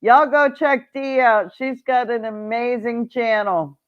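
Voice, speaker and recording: A woman hosting a casual livestream, chatty and quick to laugh as she greets viewers. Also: fairly high pitch, fairly even intonation. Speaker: livestream host. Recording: tinny phone-like sound.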